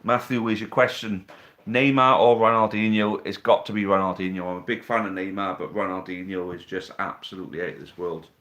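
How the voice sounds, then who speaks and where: Male host, slightly low voice, casual banter with viewers, phone mic at home. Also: fairly even intonation, brisk, fairly bright tone. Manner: chatty, reads out viewer questions, teasing banter. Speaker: live stream host. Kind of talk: casual live stream chat. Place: living room at home. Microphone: phone on a tripod.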